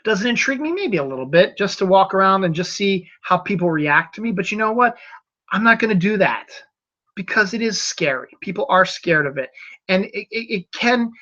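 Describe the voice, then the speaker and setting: A man's voice: high-pitched, lively intonation, a little fast, pushed and bright. A man in his thirties hosting a solo podcast, talking casually and rambling with restarts. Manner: rambling, repeats words and restarts. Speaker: podcast host. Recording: dull lo-fi audio.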